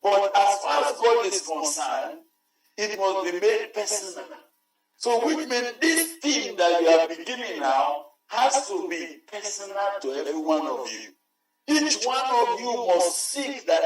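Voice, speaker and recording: A man preaching a sermon, emphatic and repeating his phrases, sometimes rising to a shout. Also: high voice, big pitch swings, a little slow. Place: large church hall. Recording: very echoey church hall, mic far off, faint music.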